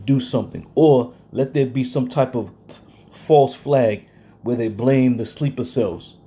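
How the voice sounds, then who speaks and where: A man preaching a sermon from scripture. He talks bluntly and confrontationally, and reads verses slowly with heavy stress. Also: medium pitch, dark tone.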